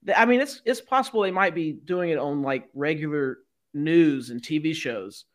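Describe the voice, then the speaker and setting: Higher-voiced animated male podcast co-host. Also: moderate pace. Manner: animated, swears, laughs easily. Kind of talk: casual chat.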